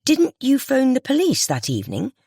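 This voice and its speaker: A woman's voice: medium pitch, sing-song, moderate pace, no room sound, studio quality, voice pushed up. A narrator voicing a polite, well-meaning amateur sleuth woman who speaks earnestly and apologetically. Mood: concerned.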